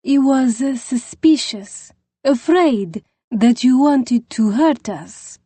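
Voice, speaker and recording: A woman's voice: high-pitched, expressive, slow pace, warm tone, slightly rough, no echo, pitched above the performer's own voice, full character voice. A woman voicing an emotional, foreign-born dowager mother with a rolling accent and an effusive, pleading way of talking. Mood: tender.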